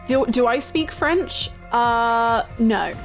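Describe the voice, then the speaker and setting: A young woman with an Australian accent chats casually with her live-stream audience. She is bubbly and giggly, with a slightly high voice. Faint music plays behind her. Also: slow pace. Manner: bubbly, chatty, laughs and gasps often. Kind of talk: casual live-stream chat, greeting viewers.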